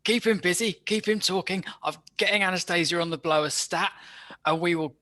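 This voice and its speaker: A player voicing a brisk male planner, giving orders. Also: medium pitch, bright, forceful tone, pitched above the performer's own voice, close to an everyday voice. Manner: brisk, commanding, chuckling. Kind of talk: tabletop role-play in character.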